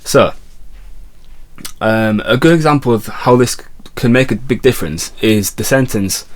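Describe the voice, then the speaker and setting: A man's voice: medium pitch, moderate pace. A man teaching a songwriting lesson as a guitar teacher, explaining patiently and sometimes restarting his phrases. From England.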